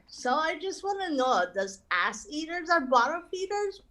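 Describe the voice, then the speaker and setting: A woman's voice: high-pitched, sing-song, a little slow, few pauses, sharp tone, rough recording. A woman doing an online stand-up set, rambling and swearing, with lots of "you know" fillers. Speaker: stand-up comedian.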